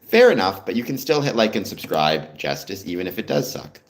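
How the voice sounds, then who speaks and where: A man's voice: low-pitched, big pitch swings, fairly quick, a little hiss or hum. A Canadian man hosting a casual livestream, chatting and answering viewer comments as they come in. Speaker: livestream host. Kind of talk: casual live-stream chat with viewers.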